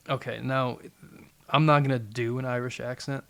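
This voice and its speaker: A man's voice: mid-range voice, steady tone, moderate pace, creaky, a bit bright. A man co-hosting a podcast, retelling a true crime case in casual chat and reading documents aloud with frequent laughs. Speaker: podcast co-host.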